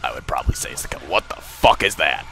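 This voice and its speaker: A man voicing a gruff, cocky, crude armored super-soldier in a deep gravelly put-on voice, giving comedic gameplay commentary. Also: lively intonation, fast, pushed and bright, whispered, faint music behind, exaggerated voice. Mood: swaggering. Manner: brash, profane, yelps when startled. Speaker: let's play gamer.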